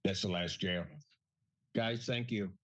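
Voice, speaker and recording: A man serving as judge, explaining his ruling in a measured way during a courtroom hearing. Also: sits low. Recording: dull lo-fi courtroom audio.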